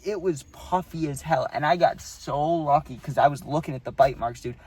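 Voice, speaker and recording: A man's voice: on the high side, normal speed, darkish tone, breathy edge. A man telling a personal story straight to the camera in a loose, chatty way, dropping "dude" and "like" all through his talk. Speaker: storytime vlogger.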